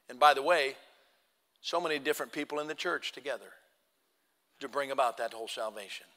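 A male pastor preaching a sermon, telling a story and acting out the voices in it, swinging between loud and hushed. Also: medium pitch, steady tone, a little fast, long pauses. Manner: acts out quoted dialogue, swings from loud to hushed. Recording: long hall reverb.

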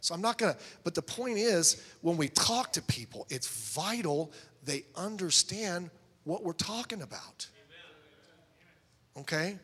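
Bright-voiced preacher in an echoey hall. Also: male voice, sits high, unhurried, husky. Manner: animated storytelling, acting out both sides of conversations. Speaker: pastor. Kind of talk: sermon.

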